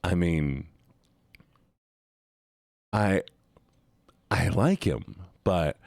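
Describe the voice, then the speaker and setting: A man's voice: medium pitch, sing-song, slow, long pauses, dry recording, clean studio sound. A male live streamer chatting playfully with his viewers, pleading and teasing. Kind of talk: casual chat with viewers.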